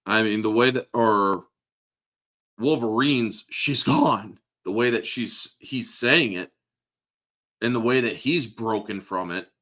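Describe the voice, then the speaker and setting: A man's voice: fairly low pitch, slow, sharp tone. A man in his thirties chatting casually about a movie, emotional and profane, laughing often. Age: 30s. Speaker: podcast host. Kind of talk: casual movie review chat.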